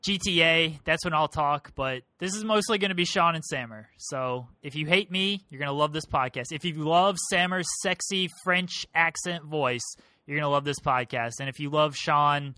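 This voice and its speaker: A man's voice: a little high, moderate pace, pushed and bright, no room sound. A man hosting a casual podcast, teasing and joking with his guests. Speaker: podcast host.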